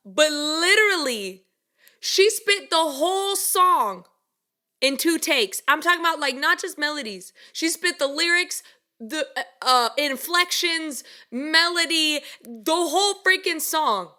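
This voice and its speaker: A woman vlogger telling studio stories in a casual, animated way, laughing often as she talks. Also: sits high, slow. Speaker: vlogger and music creator. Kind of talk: casual storytelling vlog.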